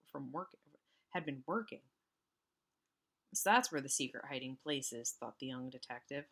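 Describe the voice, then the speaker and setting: A woman teacher reading a storybook aloud to students, expressive with casual asides. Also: low-pitched.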